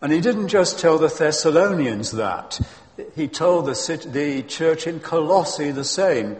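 A man preaching a sermon in a lively, emphatic way, with chuckles and friendly asides. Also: a little high, a little slow, in a large hall.

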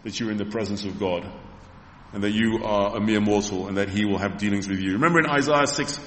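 A man's voice: lowish voice, brisk, a bit bright, slight background noise. Guy giving a sermon, tells bible stories like he's there, big roomy church echo. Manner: retells scripture scenes as vivid stories, addressing the congregation. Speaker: preacher. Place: church hall. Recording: echoey hall reverb.

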